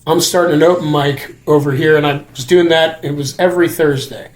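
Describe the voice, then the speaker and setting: A man's voice: a little high, fairly even intonation, brisk, echoey room. A man hosting a casual chat about comedy, rambling and often restarting his sentences. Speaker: comedian and podcast host.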